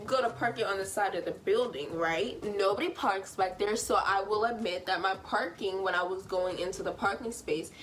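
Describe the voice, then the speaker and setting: A woman in her twenties telling a story from home in a chatty, animated way. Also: mid-range voice, normal speed, few pauses, a little hiss or hum. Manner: animated and chatty, full of fillers. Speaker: vlogger. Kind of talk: casual storytime.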